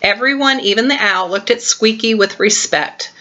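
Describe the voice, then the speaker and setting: An older woman at home reading a children's storybook aloud to her grandchild, warm and expressive, recorded on a webcam. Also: on the high side, moderate pace, lo-fi sound.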